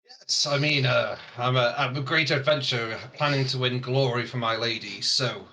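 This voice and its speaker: A man's voice: mid-range voice, fairly even intonation, normal speed, sharp tone, recorded from a distance. A man playing an earnest male paladin who talks stiffly and formally.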